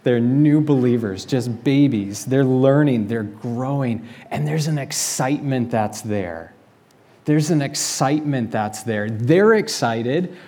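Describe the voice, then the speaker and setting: A man delivers a sermon from the pulpit of a church in an easygoing, explanatory way, often posing questions to his congregation. His voice is warm and mellow, sitting at an ordinary middle pitch. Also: slow pace. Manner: conversational, explanatory preaching with rhetorical questions. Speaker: pastor. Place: church sanctuary.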